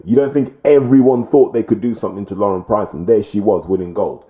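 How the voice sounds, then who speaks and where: A man talks through his views in a casual commentary vlog, blunt and opinionated, wandering from point to point. His voice sits fairly low and sounds deeply dark and mellow. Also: fairly quick, hardly any pauses. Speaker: boxing commentator.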